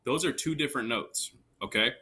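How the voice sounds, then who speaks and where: A male elementary music teacher guides children through a recorder lesson. His voice is bright and forward at a middle pitch, and he stays patient and reassuring, counting beats aloud and telling them squeaks are okay. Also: brisk.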